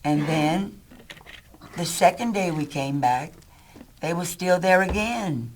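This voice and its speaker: A man's voice: a little high, slow, a little hiss or hum. A man telling a rescue story in an interview. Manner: lively storyteller. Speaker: volunteer rescuer.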